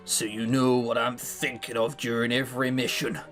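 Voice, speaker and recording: A man voicing a cold, guarded young woman rebel haunted by loss, in a gruff, slow and grave voice, reading a game aloud. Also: level tone, a bit bright, soft background music, natural voice. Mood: grim. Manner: slow, low and grave delivery.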